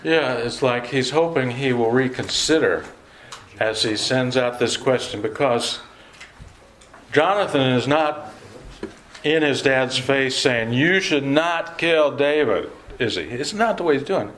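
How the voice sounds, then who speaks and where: A man's voice: mid-range voice, unhurried, a bit bright, slight background noise. A man teaching an adult Bible class in a classroom, talking casually and asking the class questions. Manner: conversational, asks the class questions. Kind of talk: leading an adult Bible study.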